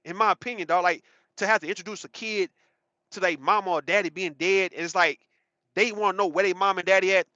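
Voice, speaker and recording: A man's voice: high voice, fairly even intonation, fast talker, bright, forceful tone, no room sound. A man in his thirties giving a rambling, profane, emphatic casual commentary monologue, often repeating himself. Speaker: commentary channel host. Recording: dull, muffled sound.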